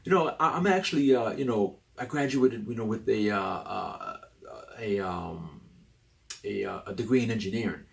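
A young adult man hosting a casual talk about personality types, animated and rambling, often restarting his sentences. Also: moderate pace, creaky. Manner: animated and rambling, with many restarts and sudden jumps in pitch. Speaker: host.

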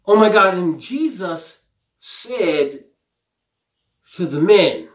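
Slow fervent preacher guy, voice swoops way up and down, echoey church. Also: high voice, animated. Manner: fervent, rising exclamations and repeated phrases; paraphrases the scripture aloud in a pleading voice. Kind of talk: sermon.

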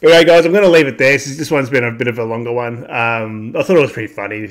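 A man hosts a casual reaction video and talks straight to his audience. His speech is loose and unpolished, full of fillers. He sounds like he is chatting rather than presenting. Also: mid-range voice. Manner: loose and chatty, addresses viewers as guys, many ums. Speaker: reaction channel host.

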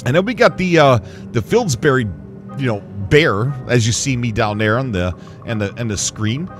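A man hosting a gaming channel who gives casual gameplay commentary, excitable and rambling and often laughing. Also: medium pitch, moderate pace, faint music behind.

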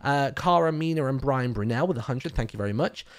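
A British man reading out donor names and messages on a charity game stream, brisk with filler ums. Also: mid-range voice, expressive, clean tone, no room sound. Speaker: livestream donation reader.

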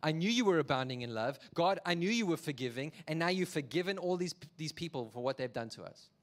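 A man voicing the reluctant prophet Jonah in a low, subdued, sulky tone during a sermon. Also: animated, quick pace, close to an everyday voice. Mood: bitter.

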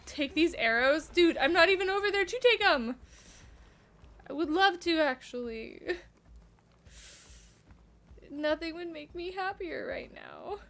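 Excitable high-voiced woman gamer. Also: moderate pace. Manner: excitable, swears and yelps while panicking. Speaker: gamer streamer. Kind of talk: casual gameplay commentary.

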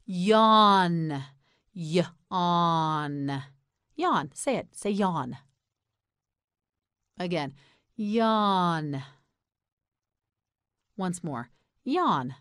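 A woman with an American accent leads a beginner pronunciation lesson at a very slow, deliberate pace. Her voice sits a little low, and the recording is close and dry. She says each word with care and then asks the listener to say it back. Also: big pitch swings, dry recording. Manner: repeats words slowly and asks the listener to say them back. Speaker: English pronunciation teacher. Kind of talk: slow, clear scripted lesson narration.

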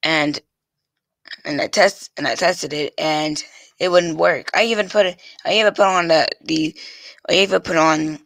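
Speaking to his viewers in casual, rambling vlog style, a male YouTuber uses a fairly high, fairly even voice with vocal fry and a slightly bright quality. He stumbles constantly, restarting and repeating phrases before completing each thought, captured dry through a desk mic with a pop filter.

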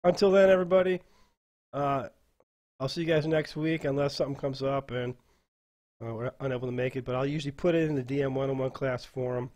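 A man hosting a casual screen-share tutorial for dungeon masters, rambling and halting as he clicks through software at his desk mic. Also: mid-range voice, steady tone.

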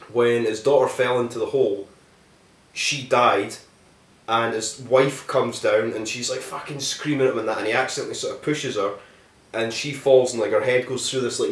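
Sweary rambling man recapping a film. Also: medium pitch. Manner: rambling, sweary, heavy on "like" fillers. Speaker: film reviewer. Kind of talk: casual plot recap. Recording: roomy echo.

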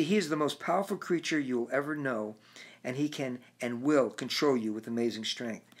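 A man narrating his own book in a measured reading voice with occasional restarts. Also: mid-range voice. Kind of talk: audiobook narration.

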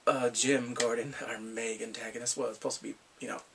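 A man's voice: medium pitch, level tone, a little fast, far from the mic. A man casually recapping and reviewing a TV episode, laughing often and acting out characters' lines.

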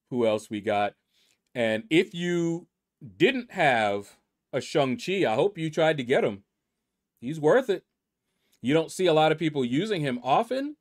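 A man hosting a gaming channel, chatting casually with rambling asides as he reads through a leaderboard. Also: fairly high pitch. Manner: laid-back and rambling, with many asides. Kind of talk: casual commentary reading a leaderboard.

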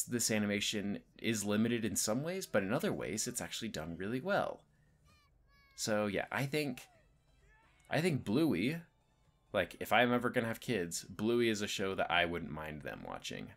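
A young man hosting a video, giving casual spoken commentary that rambles with lots of "like" and "you know" and swoops up and down in pitch. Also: animated, moderate pace, creaky, fairly bright tone. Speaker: video host.

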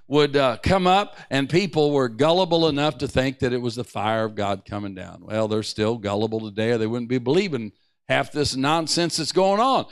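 A male pastor preaching a sermon at a Bible study, moving between quiet asides and raised, emphatic passages, with many fillers and restarts. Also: medium pitch, smooth.

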